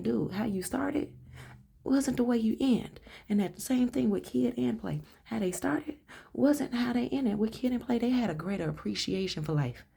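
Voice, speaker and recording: A woman giving a casual tarot card reading, blunt and slangy, who swears freely and sometimes swings playfully into a higher voice. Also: gravelly, dark tone, husky. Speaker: tarot reader.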